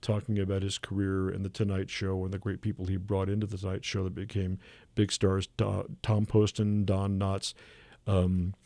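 A man telling a lively anecdote as a radio guest, acting out the people he quotes. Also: deep voice, normal speed, dry recording. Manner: animated anecdote teller who acts out the people he quotes. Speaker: guest artist and illustrator. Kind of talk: radio interview storytelling. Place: radio studio.

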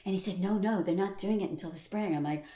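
An older woman, a stage actress, telling stories in a casual interview, animated and acting out the voices of the people she quotes. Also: mid-range voice, fast. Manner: animated storyteller who acts out quoted voices and laughs often. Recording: roomy echo.

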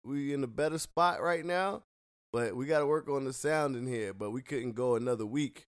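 A man's voice: mid-range voice, moderate pace. A man hosting a casual podcast from a home studio, loose and joking, laughing often. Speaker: podcast host.

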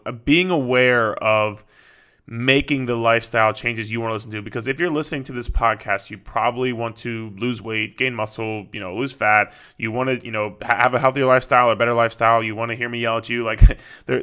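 A young man hosts a fitness podcast in a loose, rambling monologue. He swears freely and restarts his sentences often, padding them with fillers. His voice sounds bright and forward. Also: medium pitch, smooth. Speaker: fitness coach and podcast host.

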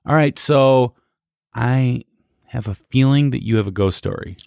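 A man's voice: medium pitch, unhurried, creaky, darkish tone, smooth, no echo. Easygoing man co-hosting a podcast. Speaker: podcast co-host. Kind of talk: casual chat.

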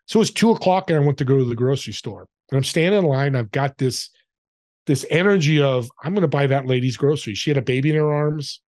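A man's voice: fairly high pitch, fast, darkish tone, dry recording, clean studio sound. A man guesting on a podcast, telling stories in an upbeat, motivational way. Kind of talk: casual interview chat.

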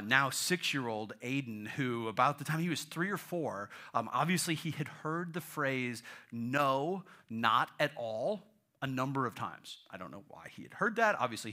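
Guy preaching a sermon, bright lively voice, goes big then drops to a whisper. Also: a little high. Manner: animated, acts out voices, swings from loud to whispered. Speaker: pastor.

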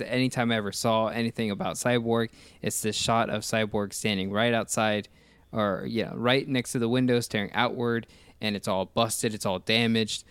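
A man talks through a film scene in casual commentary, eager and rambling, often restarting his sentences. His voice sits a little low and sounds smooth and clear. The sound is dry and close to the mic. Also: a bit bright, no room sound. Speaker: podcast host.

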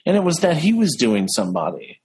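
A man chatting casually as an interview guest, an animated storyteller who slows down for emphasis. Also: a little high, slightly rough, low-quality recording. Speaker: impressionist guest.

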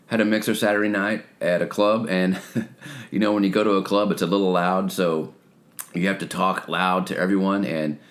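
A man in his late forties co-hosting a podcast. He chats in an easygoing way, and his voice is scratchy from shouting. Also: flat delivery, moderate pace. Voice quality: deep, scratchy. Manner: easygoing, laughs often. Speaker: podcast co-host. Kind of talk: casual podcast chat.

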